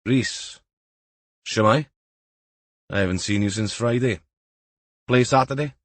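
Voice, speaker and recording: A man voicing a gruff, sardonic senior detective. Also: medium pitch, slow, dry recording, close to an everyday voice. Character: gruff, dry-witted senior Welsh detective.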